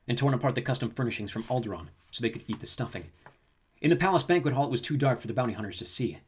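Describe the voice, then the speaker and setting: A man narrating a sci-fi audiobook in a brisk storytelling manner. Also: mid-range voice, breathy edge. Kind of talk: scripted narration.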